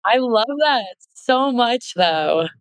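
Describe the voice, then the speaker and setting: A woman's voice: fairly high pitch, lively intonation, takes it slowly, clean tone, no room sound. A woman hosting a podcast interview, affirming and drawing out her guest in a casual tone. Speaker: podcast host.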